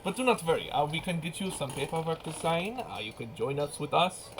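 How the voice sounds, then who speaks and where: A man voicing a smooth, scheming male companion in a put-on French accent, courtly and coaxing. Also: fairly high pitch, animated, a little fast, background noise. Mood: flattering.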